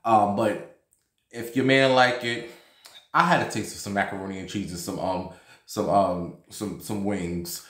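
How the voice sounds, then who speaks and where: A man's voice: lowish voice, fairly even intonation, unhurried, a bit bright, echoey room. A man in his thirties hosting a vlog, telling a story in a loose, profane, chatty way with lots of fillers. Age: 30s. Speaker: vlog host. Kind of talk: casual storytelling and gossip chat.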